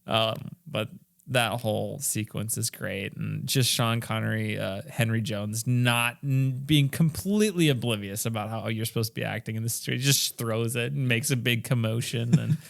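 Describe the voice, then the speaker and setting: A man co-hosting a podcast, chatting casually about movies and acting out lines in quick put-on voices. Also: mid-range voice, creaky. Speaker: podcast co-host.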